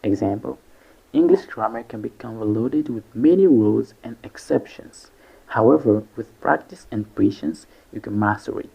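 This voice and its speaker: A man teaching an English pronunciation lesson, slowly and deliberately repeating each syllable. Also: lowish voice, vocal fry, slightly rough. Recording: dull lo-fi recording.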